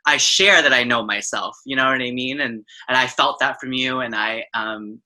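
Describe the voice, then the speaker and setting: A woman's voice: a bass voice, moderate pace, sharp tone. A trans woman hosting an interview, talking effusively and at length, with lots of "like" and "you know" fillers. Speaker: host. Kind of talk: casual interview conversation.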